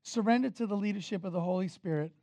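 A man preaching with emphasis, his voice swelling loud on key points and dropping low between them. He speaks straight to his listeners, asking them questions. The sound is dry and close, with no room echo. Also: fast. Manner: emphatic, rises and falls in loudness, talks straight to the congregation. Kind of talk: sermon.

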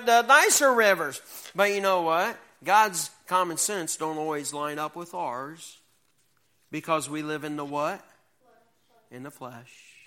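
A man teaching a Bible lesson to young people, reading scripture slowly and quizzing the class. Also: high-pitched, bright, forceful tone.

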